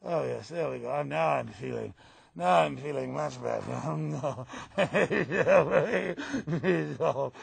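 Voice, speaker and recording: A man putting on a smug, campy upper-class British aristocrat, speaking quietly and mock-genteel. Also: a little high, slow pace, vocal fry, slightly rough, no echo, heavily acted. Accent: put-on upper-class British. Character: smug posh aristocratic man, middle-aged.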